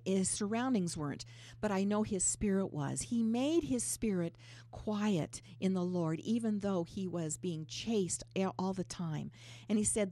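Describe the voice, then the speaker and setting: A woman's voice: mid-range voice, warm tone. A woman co-hosting a Bible talk, earnestly explaining scripture verse by verse. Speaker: Bible teacher co-host.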